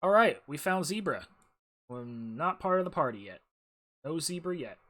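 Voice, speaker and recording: A man giving casual gameplay commentary with mumbled, unhurried asides. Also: fairly high pitch, big pitch swings, sharp tone. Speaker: let's play streamer.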